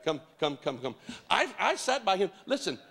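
A man's voice: high voice, very animated, normal speed, fairly bright tone. A man preaching to a congregation in a church hall, coaxing them with playful teasing and jokes. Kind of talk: lively interactive church talk.

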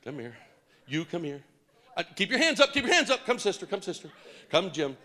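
Picture a man with a notably high voice standing before a church congregation, calling people up and coaxing them along. He teases and jokes with the crowd in a lively, interactive way. He sounds loose and playful as he keeps the room involved. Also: fairly quick. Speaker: preacher leading a congregation.

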